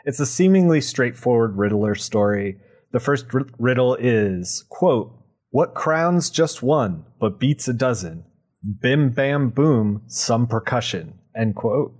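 A young man recapping a comic book on a podcast, animated and sarcastic, laughing often. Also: mid-range voice, slow. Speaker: podcast co-host.

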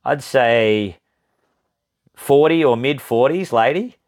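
A man's voice: mid-range voice, takes it slowly. A young Australian man co-hosting a podcast, telling a long rambling story in casual chat, swearing freely and laughing often. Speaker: podcast co-host.

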